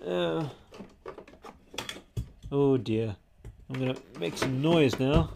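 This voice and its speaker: A man's voice: mid-range voice, takes it slowly, creaky, background noise. Male podcast host, casual rambling chat, restarts a lot, mid-range voice. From Australia. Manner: rambling, chatty, lots of fillers and restarts. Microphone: headset microphone.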